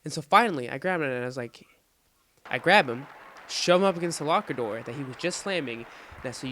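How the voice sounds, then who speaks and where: Teen dude telling a crude rambling story over gameplay, lively up and down voice. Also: male voice, on the high side, fairly quick. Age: late teens. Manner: rambling, crude, animated retelling. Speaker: gaming commentator.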